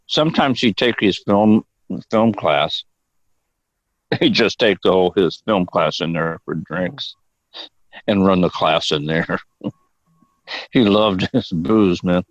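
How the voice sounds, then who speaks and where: An older man with a deep, low voice tells stories as a guest, wandering into digressions and peppering them with curses. The audio is dull and lo-fi, with a dry, close sound. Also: slow, long pauses, no room sound. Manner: rambling and profane, prone to digressions. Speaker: interview guest, actor. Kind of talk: casual storytelling interview.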